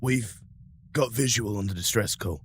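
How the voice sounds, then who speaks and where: A man's voice: lowish voice, moderate pace, slight background noise. Hesitant man playing a dutiful officer. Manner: deferential, hesitant with fillers. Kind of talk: in-character tabletop role-play.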